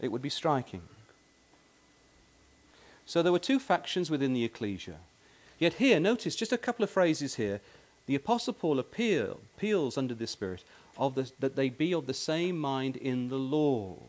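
A man's voice: mid-range voice, very animated, normal speed. A man preaching a sermon in a tent meeting, emphatic and repetitive, often addressing his listeners as brothers and sisters.

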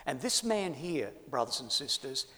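A man preaching a sermon to his congregation, swinging from loud emphasis to hushed asides. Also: medium pitch, sing-song, normal speed. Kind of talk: sermon on Bible prophecy. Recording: long hall reverb.

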